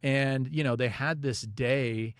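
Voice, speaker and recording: A man's voice: medium pitch, fairly even intonation, takes it slowly, smooth, no room sound, studio quality. A man guest on a podcast telling a personal faith story in a loose, conversational way, full of "you know" and "like". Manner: religious, speaks of God and prayer. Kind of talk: storytelling in a casual interview.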